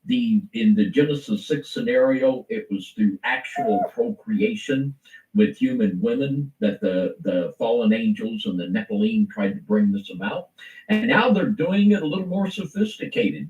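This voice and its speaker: A man giving impassioned religious commentary on a talk show, preacherly, swinging between low murmurs and emphatic stresses. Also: a little mellow, echoey room, far from the mic, low-quality recording. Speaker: co-host.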